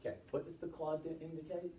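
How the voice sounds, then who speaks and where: A man's voice: fairly high pitch, slight background noise. A man teaching a class about presentation gestures, quizzing his students as he goes. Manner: lively, quizzing students with quick questions. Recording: roomy classroom sound from a distant mic, faint ambience.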